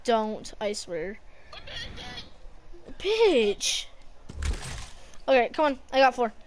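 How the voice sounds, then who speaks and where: A young woman playing a video game with a friend, yelling, swearing and joking. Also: fairly high pitch, normal speed, slight background noise. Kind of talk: casual gaming chat.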